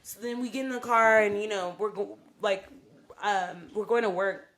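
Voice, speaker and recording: A young woman co-hosting a podcast, telling a personal story in casual, profane chat and getting animated as she re-enacts arguments. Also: mid-range voice, moderate pace. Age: young adult. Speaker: podcast co-host.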